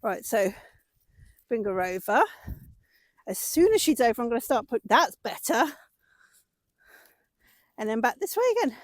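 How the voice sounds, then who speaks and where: A woman with a slightly high voice hosts her own vlog, chatting casually and cheering on her horse while working it outdoors. She sounds very animated yet unhurried, leaving long pauses, and the recording has no echo.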